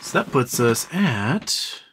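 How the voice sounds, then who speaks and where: On a casual live stream, a man rambles and jokes as he reads chat and coos to his dog in a high baby voice. His delivery is sing-song and slow, the tone fairly bright, with a faint hiss or hum underneath.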